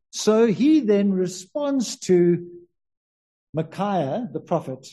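A man with a South African accent preaching a conversational sermon, slowing down on key words. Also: high voice, very animated, dark tone. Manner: conversational, varies emphasis, stretches key words.

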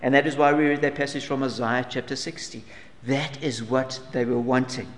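A man's voice: mid-range voice, fairly even intonation, moderate pace. Earnest male preacher in a reverberant hall. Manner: earnest preaching, rhetorical questions, swelling and dropping to soft asides. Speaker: pastor. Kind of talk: sermon.

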